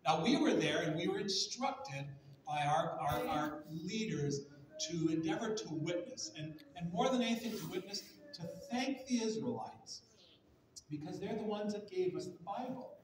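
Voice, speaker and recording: Impassioned pastor preaching in an echoey church. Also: male voice, sits high, lively intonation, normal speed, background noise. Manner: impassioned, rising to near shouts, then dropping soft and hushed. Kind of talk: sermon. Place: large church sanctuary. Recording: echoey room audio from a distant mic.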